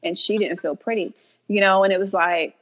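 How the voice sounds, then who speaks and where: A woman's voice: medium pitch, steady tone, a little fast. A woman tells a story with lots of energy on a podcast interview, acting out each person's lines and laughing often. Her voice sits in a middle range, and the recording sounds a bit dull and lo-fi. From New York. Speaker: creator and writer, guest.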